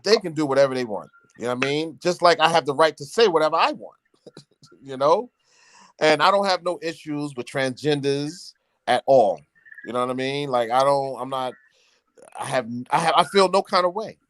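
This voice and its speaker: A man talking in an animated, opinionated way during a casual chat, laughing between his points. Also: on the high side, moderate pace, a little hiss or hum.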